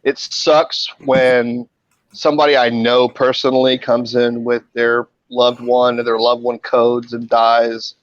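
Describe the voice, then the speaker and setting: A man's voice: mid-range voice, takes it slowly, no room sound, lo-fi sound. A man who works in a hospital emergency room, telling stories in a casual group chat, swearing freely and acting out the people in them. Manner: animated, swearing, acts out voices in his stories.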